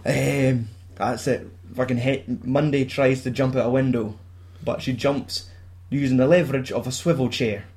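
A man's voice: mid-range voice, steady tone, normal speed, hardly any pauses, darkish tone. A Scottish man casually retelling a film plot, swearing a lot and acting out the characters' lines.

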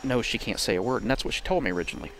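A man's voice: fairly low pitch, lively intonation, rapid-fire, fairly bright tone. A man in his forties telling a long story in casual chat, rambling and profane, laughing at his own tale. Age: 40s.

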